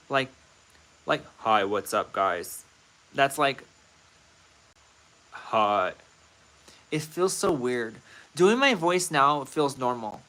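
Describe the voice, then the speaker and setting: A man casually hosting a livestream, talking straight to his viewers in a playful, rambling way. His voice is bright and forward. He sits in a middle range of pitch. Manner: chatty, playful, talks to chat directly. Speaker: livestream host.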